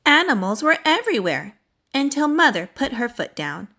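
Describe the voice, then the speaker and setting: A woman reading a children's storybook aloud in a cheerful, expressive way, then signing off to young viewers. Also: sits high, moderate pace. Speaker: children's book reader.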